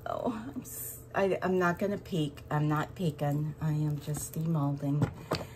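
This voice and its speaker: A woman chatting to her viewers as she works on a craft project, excitable and talkative. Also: low voice, measured pace, noisy background. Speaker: resin craft vlogger. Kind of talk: casual crafting vlog chat.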